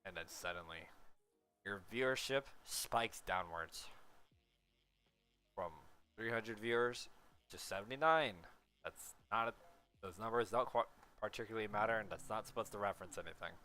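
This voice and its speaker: Rambling man with a bright tone. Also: on the low side, moderate pace, long pauses, soft background music. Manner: rambling, rhetorical "right?" asides, swears. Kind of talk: casual monologue.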